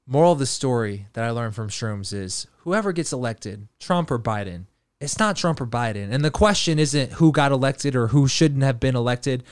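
A man's voice: medium pitch, animated, normal speed, clean tone, no room sound, clean studio sound. A man hosting a podcast, telling a rambling casual story full of fillers and swearing. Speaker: podcast host.

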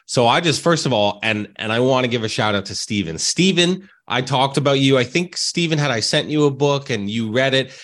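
A man's voice: mid-range voice, animated, fairly quick, hardly any pauses, a bit bright. A man hosting an interview who speaks effusively and heaps praise on his guest. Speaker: interview host. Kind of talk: conversational interview.

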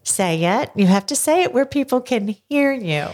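An older woman hosting a casual podcast interview, gently coaxing answers with leading questions from a studio. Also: on the high side, expressive, moderate pace. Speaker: podcast host. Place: home studio.

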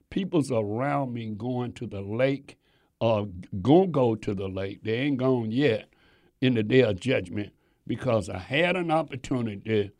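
Slow, emphatic male preacher. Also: mid-range voice, darkish tone. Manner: emphatic, repeating phrases for stress. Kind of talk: sermon.

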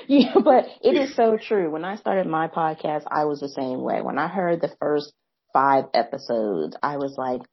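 Midwestern American woman guest, husky, lower voice, earnest and chatty, lo-fi line. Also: normal speed. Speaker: podcast guest. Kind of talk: casual chat.

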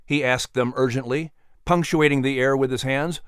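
A man reads a scripted historical story in a measured, even storytelling manner. His voice sits mid-range and the recording is close and dry. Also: mid-range voice, smooth, no echo. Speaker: narrator.

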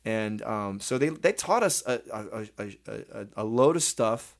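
A man's voice: lowish voice, expressive, unhurried, gravelly. A man, a stage performer, telling stories in a casual interview; he rambles, restarts sentences and acts out quotes.

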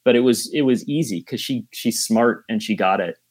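A man in a mid-pitched voice, talking as a film director in a relaxed interview. He explains things thoughtfully and at length, often restarting his sentences. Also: moderate pace. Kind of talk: casual interview chat.

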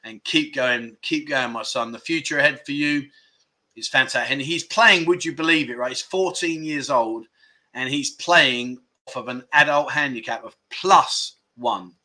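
A man's voice: medium pitch, normal speed, sharp tone. A middle-aged man hosting a casual livestream, chatting loosely, laughing often and reading out viewer comments. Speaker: livestream host.

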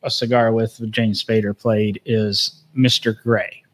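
A man's voice: on the low side, level tone, a little slow. A man in casual chat on a podcast, rambling along with fillers and restarts.

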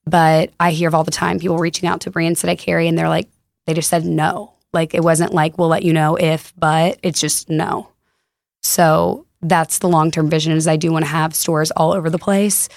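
With a deep voice, vocal fry and a flat delivery at normal speed, this young Texan woman tells stories as a podcast guest in a dry, clean studio recording. The store co-founder is chatty and casual, laughing through anecdotes and filling them with "like."

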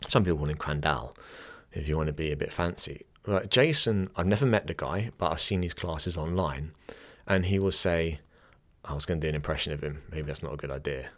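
A man's voice: extremely low pitch, brisk, fairly bright tone. A man, a yoga teacher giving casual, direct teaching advice with chatty asides. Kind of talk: instructional talk.

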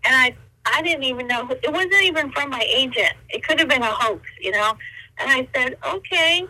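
A woman in her sixties telling stories as an interview guest by phone, animated and quick to slip into voices. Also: high-pitched, low-quality recording. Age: 60s. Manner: animated, slips into voices and quotes. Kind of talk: interview storytelling.

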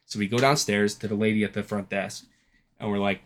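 Fast-talking man telling a story. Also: on the low side, fairly even intonation, a bit bright. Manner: rambling storyteller who swears freely and acts out quoted people. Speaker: podcast co-host. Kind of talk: casual podcast chat.

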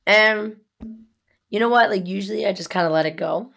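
A woman's voice: medium pitch, normal speed, creaky, fairly bright tone. Profane young woman, podcast co-host. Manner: profane, heated storytelling. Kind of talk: casual chat.

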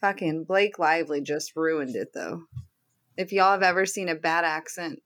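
A woman's voice: low-pitched, moderate pace, fairly bright tone. A young woman co-hosting a casual movie podcast, frank and joking, swearing freely. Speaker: podcast co-host.

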